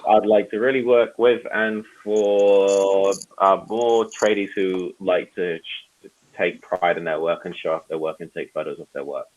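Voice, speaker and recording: Man, very low voice, hesitant, muffled sound. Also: level tone, measured pace, darkish tone. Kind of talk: casual chat in a meeting.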